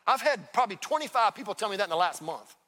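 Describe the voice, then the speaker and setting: A male pastor with a bright, forceful, slightly high voice, preaching in a conversational way. He acts out little exchanges as he goes. The sound carries a long reverb, as in a large church hall. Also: animated, quick pace. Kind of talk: sermon. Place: church sanctuary.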